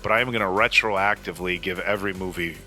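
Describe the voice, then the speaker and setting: Deep-voiced man in his forties, rambling earnestly. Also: fast, bright, forceful tone, faint music behind. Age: 40s. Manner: rambling, earnest, lots of fillers and restarts. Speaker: movie reaction host. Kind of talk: casual chat.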